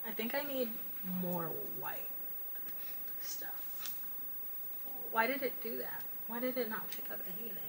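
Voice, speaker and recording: A woman's voice: a little high, sharp tone, slight background noise, rough recording. A young woman vlogger rambling candidly late at night, self-deprecating and swearing often as she vents.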